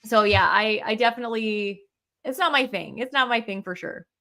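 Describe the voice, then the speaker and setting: A young woman co-hosting a casual podcast in a fairly high voice. She reflects out loud and fills her sentences with likes. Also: normal speed. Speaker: podcast co-host. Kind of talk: casual chat.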